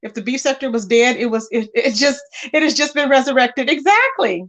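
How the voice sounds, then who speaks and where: High-voiced sassy woman chatting live. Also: animated, brisk, fairly bright tone. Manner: chatty, sassy, greets viewers by name. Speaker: livestream host. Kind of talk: casual live chat, reading viewer comments.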